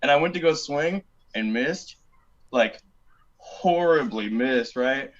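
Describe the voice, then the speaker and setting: A man on a podcast telling casual, animated stories about basic training, swearing a lot and acting out the people he quotes. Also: medium pitch, slow, dull audio. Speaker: podcast guest, army veteran. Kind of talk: casual storytelling.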